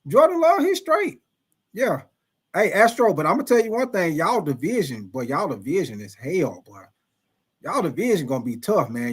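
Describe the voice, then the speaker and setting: Young streamer guy, high voice, laid-back slangy delivery, reads chat. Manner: laid-back, loose slang, laughs often. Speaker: live stream host. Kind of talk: casual live stream chat reading viewer comments.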